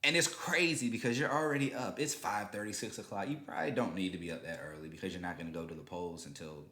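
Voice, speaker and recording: Animated podcast host, low voice. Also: male voice, fast talker, roomy sound. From Georgia, US. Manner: animated, slangy, talks straight to listeners. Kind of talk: casual storytelling monologue.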